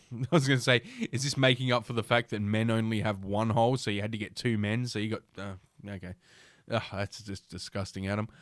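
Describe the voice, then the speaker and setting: Reading an article on his podcast, a man with a slightly bright, mid-range voice keeps interrupting with foul-mouthed ridicule. He swears freely and laughs at his own gags in this casual commentary. It's a dry, studio-quality recording.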